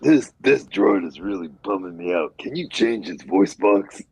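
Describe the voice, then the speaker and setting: A man playing in a tabletop game, cracking deadpan jokes. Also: low voice, unhurried, crowd noise, low-quality recording. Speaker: player.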